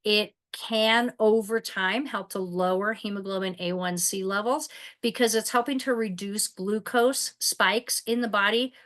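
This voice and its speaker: A woman's voice: medium pitch, a bit bright. A middle-aged woman giving a casual wellness presentation over a video call, conversational, with many fillers and restarts.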